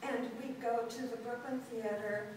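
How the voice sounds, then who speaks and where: A woman in her sixties from Los Angeles, a performance artist telling her life story to a gallery audience in a halting way, with frequent pauses and ums. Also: fairly high pitch, fairly even intonation, a little mellow, a little hiss or hum. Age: 60s. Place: gallery room before an audience. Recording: very echoey room, distant mic.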